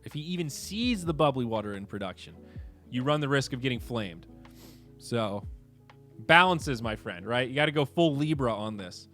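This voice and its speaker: Animated swearing male streamer. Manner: animated, swearing, swings between low mutters and excited outbursts. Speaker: streamer host. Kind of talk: casual livestream chat.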